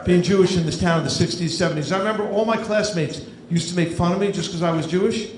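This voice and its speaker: A man's voice: high-pitched, fast. A man in his fifties from New Jersey, doing a stand-up comedy set with dry, self-deprecating delivery on a club stage. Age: 50s. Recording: echoey club room, audience noise.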